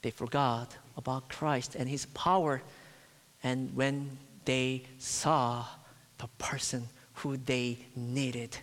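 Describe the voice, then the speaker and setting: A man's voice: mid-range voice, flat delivery. A man preaching a sermon, emphatic, dropping to a near-whisper at times. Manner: emphatic, slow, swings from loud to near-whisper. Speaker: pastor. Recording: long hall reverb.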